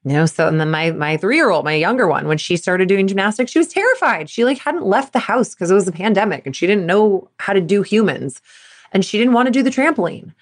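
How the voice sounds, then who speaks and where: A woman in her thirties, a performance coach, hosts a solo podcast in a mid-range, animated voice at a fairly quick clip. She talks candidly to sports parents, slipping into quoted impressions of her younger self.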